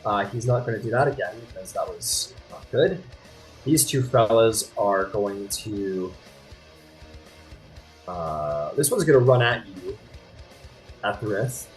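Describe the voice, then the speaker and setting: A man narrating a tabletop game as game master, relaxed and rambling with many fillers. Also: lowish voice, slow, pauses often, faint music behind.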